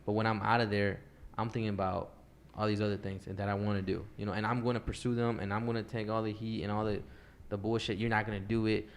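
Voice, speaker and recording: A man's voice: on the low side, little pitch movement, quick pace, hardly any pauses, slight background noise. A young man hosting a podcast, talking earnestly in a rambling way and swearing freely. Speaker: podcast host. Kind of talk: casual chat.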